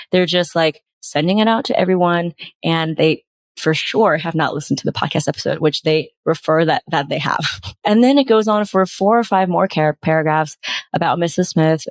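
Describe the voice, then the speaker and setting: A woman podcast host reading out bad pitches and critiquing them with exasperated, sarcastic commentary. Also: no echo.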